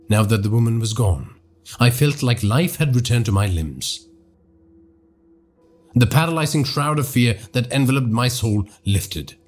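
A man narrating a horror story for a podcast in a hushed, dramatic storytelling manner. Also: lowish voice, husky.

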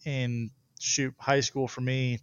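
Podcast guest, male, animated storyteller, dry close mic. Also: mid-range voice, slow, clean tone, dry recording, muffled recording. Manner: animated storyteller, laughs often. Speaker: guest pitcher. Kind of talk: casual podcast chat.

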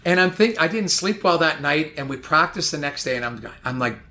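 A man telling a long anecdote in a casual chat, animated and rambling, full of "like". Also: fairly high pitch, brisk. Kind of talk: casual storytelling.

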